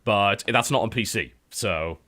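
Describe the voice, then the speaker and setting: A man hosting a casual gaming podcast, relaxed and wry. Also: lowish voice, a little slow. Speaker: podcast host. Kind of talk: casual chat.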